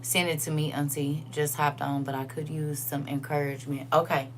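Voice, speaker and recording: A woman hosting a casual livestream, chatting directly with viewers and reading scripture verses slowly and deliberately. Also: low-pitched, flat delivery, a little hiss or hum. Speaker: livestream host.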